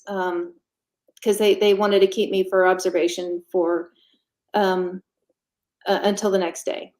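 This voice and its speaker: A woman telling her own story as an interview guest, candid and matter-of-fact, pausing often and filling gaps with ums. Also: medium pitch, darkish tone. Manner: halting, with frequent pauses and fillers. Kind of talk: casual conversational storytelling.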